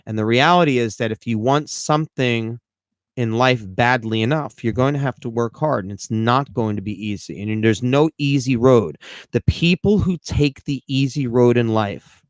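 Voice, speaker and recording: A man hosting a live podcast as a life coach, talking in an animated, rambling way with self-deprecating humor and frequent restarts. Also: mid-range voice, no echo, studio quality.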